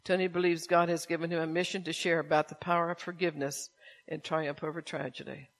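A man preaches with a slightly high voice. He reads a story aloud, then turns to his listeners with pointed rhetorical questions about forgiveness. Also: little pitch movement, quick pace. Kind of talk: sermon with story reading.

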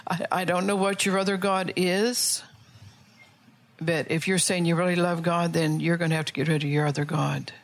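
Gravelly, flat-voiced woman pastor preaching. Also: fairly low pitch, normal speed. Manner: earnest preaching with rhetorical questions. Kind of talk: sermon.

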